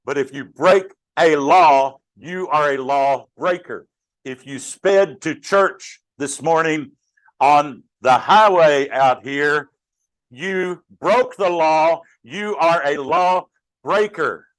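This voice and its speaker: Slow-talking man teaching Bible class. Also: fairly high pitch, no room sound. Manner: conversational, questions the class, jokes. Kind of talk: interactive Bible study teaching.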